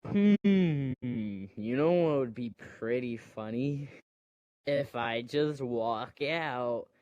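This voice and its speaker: A man voicing a calm, breezy young heroine in a drawn-out, airy way while retelling a movie. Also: medium pitch, smooth, no echo, muffled recording, natural voice. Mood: playful.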